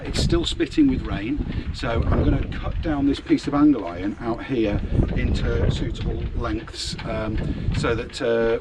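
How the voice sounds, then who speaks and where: A man's voice: mid-range voice, heavy background noise. A man, a vlog host patiently walking his son through a hands-on boat repair, one step at a time. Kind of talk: hands-on DIY explanation. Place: outdoors at a boatyard in light rain.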